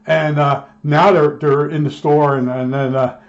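A man's voice: a little high, level tone, a little slow. A man, an electronics technician telling a long rambling story in a casual way. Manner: rambling, acts out both sides of old arguments. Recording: dull lo-fi recording.

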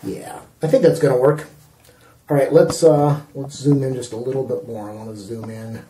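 A man's voice: mid-range voice, steady tone, moderate pace, dark tone, roomy sound, a little hiss or hum. Man rambling through a bathroom how-to. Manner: rambling, self-amused, talking while working with hands. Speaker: home repair vlogger. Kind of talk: casual how-to demonstration. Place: indoor bathroom. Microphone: handheld camcorder mic, self-filming.

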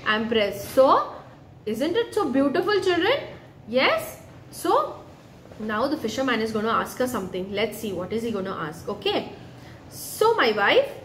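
A young woman at a daycare telling a children's story, coaxing the kids with questions. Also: fairly high pitch. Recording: echoey room with faint noise.

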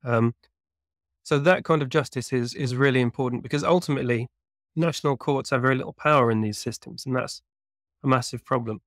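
A man's voice: medium pitch, fairly quick, no room sound, studio quality. A man being interviewed as a researcher, explaining at length in a thoughtful, conversational way with lots of small hedges. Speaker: guest researcher.

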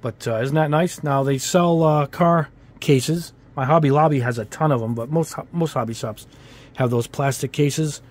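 His voice is on the high side, moving at a moderate pace. As a model-kit YouTuber at his hobby bench, he gives a casual, rambling product review loaded with fillers and chatty asides, speaking with a New England accent that has Italian-American touches.

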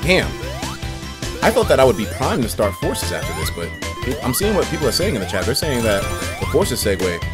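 A man's voice: medium pitch, fairly quick, music in the background. A man streaming a game, chatting casually and profanely with his viewers. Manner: animated and profane, joking with chat. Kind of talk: casual live-stream chat.

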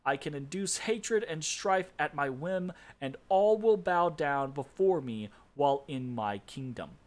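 A triumphant male tyrant god claims his rule in a boastful, commanding tone, as a man reads him out from a game's storybook. The voice runs a little high with a lively, swinging pitch. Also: measured pace.

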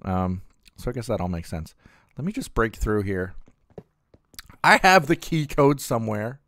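A man's voice: lowish voice, lively intonation, unhurried, fairly bright tone, no room sound. Man rambling through gameplay commentary. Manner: rambling, thinking aloud with many fillers. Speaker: gaming channel host.

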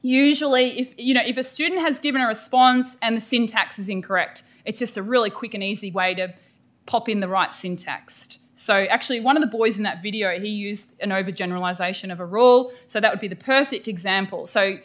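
A middle-aged Australian woman gives an energetic, emphatic professional development lecture to teachers. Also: medium pitch, brisk. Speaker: teacher educator presenting a workshop.

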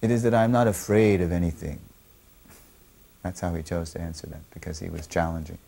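A man with a lowish voice tells a remembered story at a measured pace. He stops along the way to explain the meaning behind what happened. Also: steady tone, creaky, warm tone. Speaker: devotee recalling memories. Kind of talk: reflective storytelling.

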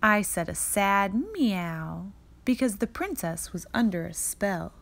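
A woman reading a children's picture book aloud in a slow, expressive read-aloud manner. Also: medium pitch, gravelly. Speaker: reader.

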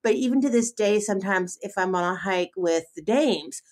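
A middle-aged woman hosts a casual podcast interview. She speaks in an emphatic, heartfelt way and often restarts her sentences. Her voice has a moderate, middle pitch. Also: lively intonation, moderate pace. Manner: warm-hearted, emphatic, many fillers and restarts. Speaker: podcast host.

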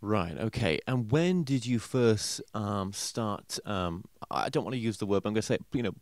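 A man's voice: lowish voice, lively intonation, moderate pace, dry recording, clean studio sound. A man hosting an interview, asking a hesitant question and searching for his words. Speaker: interview host.

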